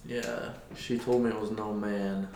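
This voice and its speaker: A man co-hosting a podcast in casual joking chat, laid-back and quick to laugh. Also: on the low side, flat delivery, gravelly, a little mellow. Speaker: podcast co-host. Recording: echoey room, faint noise.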